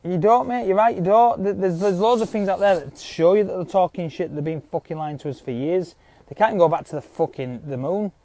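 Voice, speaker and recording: A man with speech talks in a rambling, insistent rant, packed with swearing and a habit of tagging "yeah?" onto his points. His voice sits a little high, yet it sounds dark and mellow. He addresses his viewers directly and casually. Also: a little fast, dry recording.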